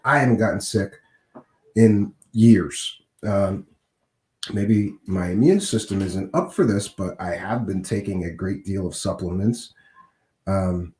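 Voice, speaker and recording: Man, podcast host, hoarse from a cold, scratchy, roomy echo. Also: lowish voice, darkish tone. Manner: conversational, with frequent uh and um fillers. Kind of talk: casual podcast monologue.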